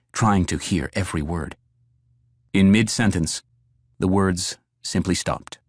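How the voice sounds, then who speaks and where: A man narrating an audiobook in a measured, even storytelling manner. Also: deep voice, no room sound, clean studio sound.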